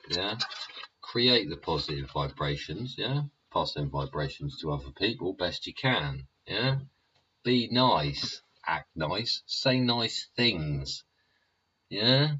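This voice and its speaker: Deep, slow, swearing man. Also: animated, sharp tone, slight background noise. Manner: rambling, profane, keeps tagging lines with "yeah?". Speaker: YouTube show host. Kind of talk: sweary ranting monologue. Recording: dull lo-fi recording.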